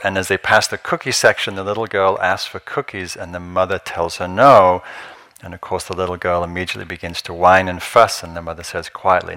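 A man with a low voice and a bright, forward ring gives a relaxed dharma talk in a meditation hall. He teaches with easy humor, shares stories and chuckles softly. His delivery stays unhurried and informal throughout. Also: vocal fry. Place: meditation hall at a retreat center.

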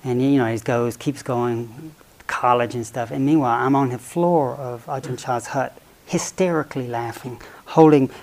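Gravelly-voiced man telling a dharma story. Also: mid-range voice, moderate pace, hardly any pauses, poor audio. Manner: animated, playful storyteller, drops to near-whisper at times. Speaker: Buddhist meditation teacher.

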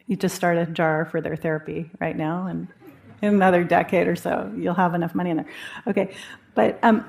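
A woman meditation teacher giving a dharma talk at a retreat, conversational and gently humorous, thinking aloud as she goes. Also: lowish voice, vocal fry.

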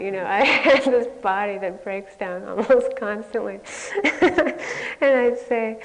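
A woman teaching meditation at a retreat gives a frank dharma talk, her self-mocking stories often spilling into laughter. Her pace is slow and her pitch medium, and the retreat center meditation hall adds a long hall reverb.

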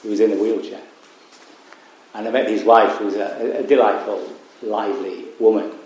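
A man giving a Buddhist dharma talk at a retreat, reflective and unhurried with wry asides. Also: lowish voice, steady tone, a little mellow. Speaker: Buddhist meditation teacher. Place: retreat meditation hall. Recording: very echoey room.

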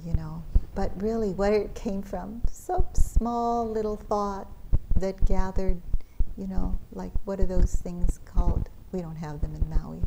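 Woman meditation teacher, low, gentle, reflective; recording with heavy hiss behind her. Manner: gentle, reflective, with soft laughs. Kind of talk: dharma talk at a retreat. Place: retreat center meditation hall. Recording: loud background noise.

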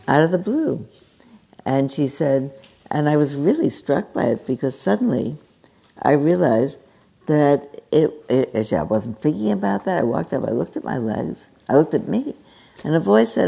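Woman meditation teacher, very low gravelly voice, gentle and halting, dharma talk. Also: big pitch swings. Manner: gentle, halting, storytelling with many restarts. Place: meditation hall.

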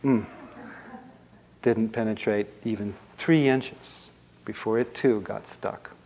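A male meditation teacher telling a folk tale in a dharma talk, animated and full of vocal sound effects. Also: fairly low pitch, takes it slowly, vocal fry, dull audio, a little hiss or hum.

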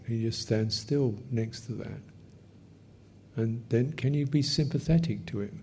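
A man teaching meditation in a question-and-answer session, speaking gently in short, halting phrases with soft laughs. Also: medium pitch, slight background noise. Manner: gentle, unhurried, often laughs softly. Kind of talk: dharma Q&A teaching.

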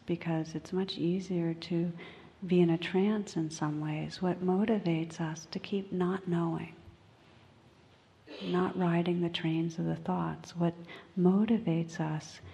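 A woman meditation teacher giving a dharma talk, gentle and unhurried and often dropping to a whisper, recorded in a large meditation hall. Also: lowish voice, gravelly.

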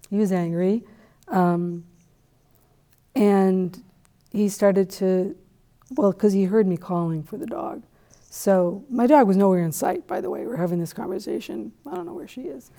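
Mellow-voiced woman telling a story. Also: medium pitch, a little slow, gravelly. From New England. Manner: conversational, animated storytelling with laughs and asides. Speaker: meditation teacher. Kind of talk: dharma talk, personal story.

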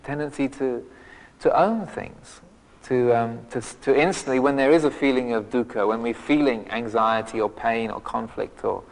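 A man's voice: medium pitch, creaky, long reverb tail, rough recording. A man, a monk teacher, giving a dharma talk with many restarts and fillers and a self-mocking humor. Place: monastery meditation hall.

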